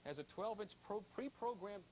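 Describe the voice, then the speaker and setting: A man's voice: high voice, animated, normal speed, darkish tone, a little hiss or hum, rough recording. A man hosting a shopping channel, folksy and salesy, bantering with callers and his co-host.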